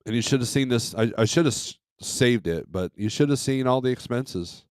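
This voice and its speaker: A man's voice: medium pitch, lively intonation, moderate pace, dry recording, clean studio sound. A man hosting a casual trucking livestream, rambling as he reads load listings aloud and comments on them. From Michigan.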